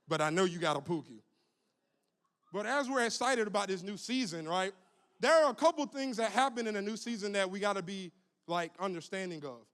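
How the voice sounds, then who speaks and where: High, bright-voiced young preacher man. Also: fairly quick. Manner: animated, humorous, call-and-response with the crowd. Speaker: youth minister. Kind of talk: youth sermon.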